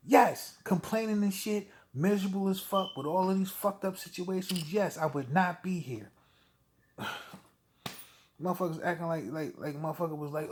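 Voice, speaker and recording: Higher-pitched man ranting bluntly. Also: normal speed. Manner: blunt, heated, swearing, with short laughs. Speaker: vlogger. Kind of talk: profane personal rant to camera.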